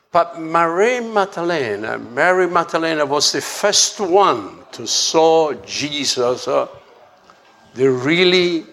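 A man preaching a sermon, halting and often repeating words as he restarts his phrases. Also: fairly high pitch, fairly bright tone.

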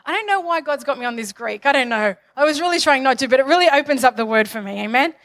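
High-voiced woman preaching with fervor. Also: expressive, quick pace, a bit bright. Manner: builds to fervent declarations; calls for amens. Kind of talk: sermon.

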